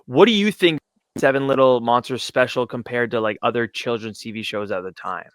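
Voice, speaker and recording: A man's voice: medium pitch, brisk, no echo. Young male host, casual chatty questions, dry studio sound. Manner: relaxed, chatty questions with fillers. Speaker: podcast host. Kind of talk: casual interview.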